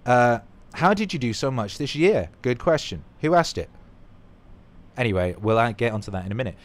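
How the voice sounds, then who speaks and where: A man hosting a casual livestream chat, excitable and swearing freely, swinging between mumbles and loud bursts. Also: mid-range voice, normal speed. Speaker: livestream host.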